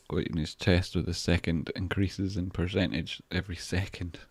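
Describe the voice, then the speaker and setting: A man's voice: low-pitched, flat delivery, moderate pace, hardly any pauses, a little mellow, no echo. A man with a Scottish accent chatting casually on a trading livestream, reading viewer messages, swearing freely and thanking people effusively.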